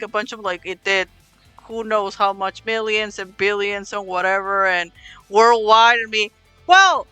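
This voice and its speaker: A woman co-hosting a casual talk podcast, blunt and quick to swear. Her voice is bright and forward, heard close and dry. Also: a little high, no echo. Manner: blunt, profane, excitable. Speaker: podcast co-host. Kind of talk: casual chat.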